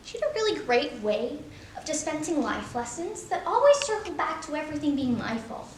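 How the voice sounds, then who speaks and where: A woman with a high, sing-song voice speaks briskly as a bitter, washed-up middle-aged male horse, giving a wry, sardonic stage eulogy full of dark, self-deprecating humour. The space is roomy and echoing, with a little hiss or hum.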